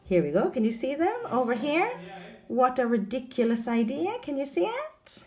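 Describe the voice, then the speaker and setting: A woman teaching an online English lesson, asking the viewer questions in an expressive way. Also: high-pitched, moderate pace.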